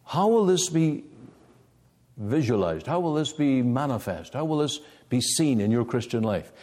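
A man preaching a sermon, emphatic, with wide swings of pitch. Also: very animated, normal speed, a little mellow, long reverb tail.

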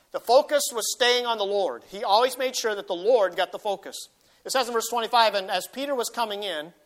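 A man's voice: high-pitched, pushed and bright. A man preaching a sermon, reading scripture aloud and explaining it with folksy asides and emphatic peaks. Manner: folksy asides with self-deprecating humor. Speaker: pastor.

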